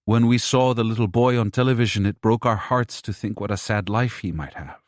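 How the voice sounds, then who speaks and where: A man's voice: fairly low pitch, brisk, no echo, clean studio sound, natural voice. A man voicing an anxious young wife and mother whose first language is Spanish, speaking earnestly in an audiobook.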